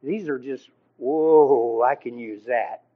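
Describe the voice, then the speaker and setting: A man teaching from the Bible in an informal sermon, halting with fillers and restarts and often clearing his throat. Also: mid-range voice. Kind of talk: conversational sermon. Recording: dull lo-fi recording.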